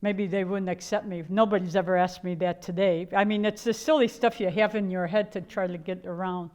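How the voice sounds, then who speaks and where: A woman's voice: mid-range voice, steady tone, a little fast, darkish tone. An older woman from the Chicago area telling her own life story in a candid, rambling way, full of fillers and restarts. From Chicago area, USA. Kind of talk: personal storytelling.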